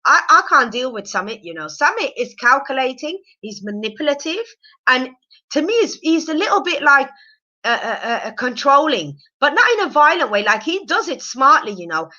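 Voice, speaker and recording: A woman recapping a reality show on a casual live stream, animated and opinionated, rambling with fillers. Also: high voice, normal speed, dull audio.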